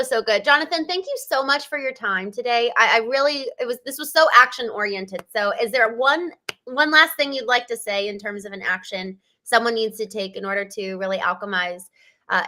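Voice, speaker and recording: A woman's voice: medium pitch, normal speed, sharp tone. A woman hosting an interview podcast, asking questions in an enthusiastic, affirming way. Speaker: podcast host.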